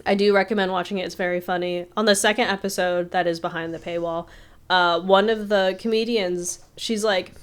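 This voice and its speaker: A podcast co-host with a fairly low, clean-toned voice chats casually at a brisk pace. She's an animated storyteller who acts out the people in her stories and their quotes.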